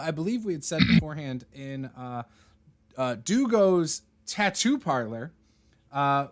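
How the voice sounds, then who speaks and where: A man's voice: fairly high pitch, fairly bright tone. Man narrating as a tabletop game master. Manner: loose, filler-heavy narration. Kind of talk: narrating a tabletop game over video call. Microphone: video call.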